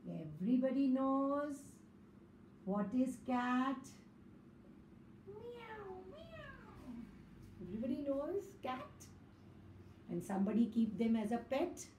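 A woman's voice: sits high, a little mellow, a little hiss or hum. A woman teaching young children a phonics lesson, spelling out letters one by one in a sing-song way. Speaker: kindergarten teacher. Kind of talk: slow classroom phonics lesson. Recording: echoey room with faint ambience.

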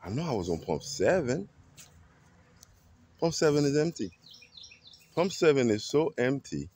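A man vlogging a casual, animated story that he retells dramatically and that is full of acted quotes. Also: deep voice, no echo.

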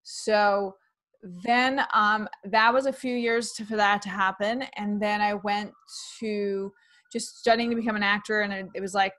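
A woman comedian from New York, her accent mostly trained out, talking in a casual interview in an animated, chatty way, laughing often and restarting her sentences. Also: medium pitch, measured pace. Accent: slight New York, mostly trained out. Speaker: comedian and actress guest.

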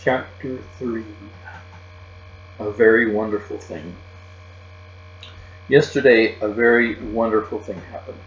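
Reading a children's book aloud, a male audiobook narrator takes on a childlike first-person storytelling style. His voice is on the low side and unhurried, with long pauses. The recording sounds roomy and dull, with mains hum.

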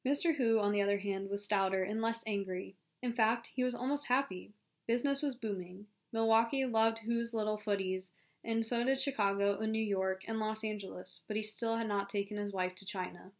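A woman reading a novel aloud as an audiobook narrator, in a steady storytelling manner. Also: mid-range voice, moderate pace. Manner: steady storytelling with small self-corrections. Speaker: audiobook reader. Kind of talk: scripted narration.

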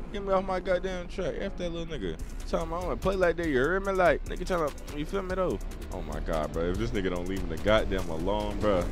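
A young man with a slightly high voice narrates his own gameplay in loose street slang. He drifts between low mumbled asides and loud shouted arguments. Faint music plays underneath. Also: animated, a little fast. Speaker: gaming YouTuber. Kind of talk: live gameplay commentary.

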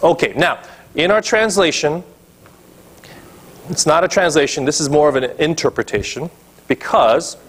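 Husky-voiced male pastor preaching. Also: medium pitch. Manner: emphatic preaching, checks in with listeners. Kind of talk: sermon. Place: church.

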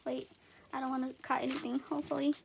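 A woman filming a casual unboxing vlog at home on a tripod camera, excitable and gushing, with lots of exclamations and laughter. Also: sits high, quick pace, creaky, background noise. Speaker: vlogger.

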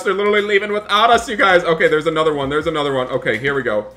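A young man narrates his role-play gameplay for his audience. His voice is bright and sits a little high. He talks excitably and directly to the viewers. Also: quick pace, hardly any pauses. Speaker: gaming YouTuber.

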